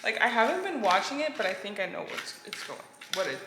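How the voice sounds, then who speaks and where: A woman's voice: medium pitch, very animated, brisk, background noise. A woman chatting to her viewers as she cooks, chatty and self-deprecating. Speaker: vlogger. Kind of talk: casual vlog chat while cooking. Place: home kitchen. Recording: echoey kitchen with clattering dishes.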